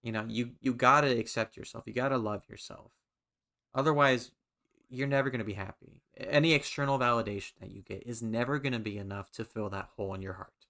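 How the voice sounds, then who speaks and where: A man in his twenties co-hosting a podcast, chatting casually and telling animated stories. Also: medium pitch, brisk. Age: 20s. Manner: animated storyteller, mocks others in quoted voices. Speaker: podcast co-host. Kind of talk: casual chat.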